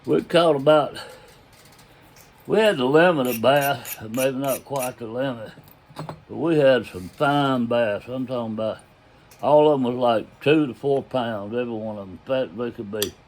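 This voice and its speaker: A man's voice: medium pitch, unhurried, darkish tone. An older man telling a story about his own past in a casual, folksy way. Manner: folksy drawl, loose grammar, chuckles as he tells it.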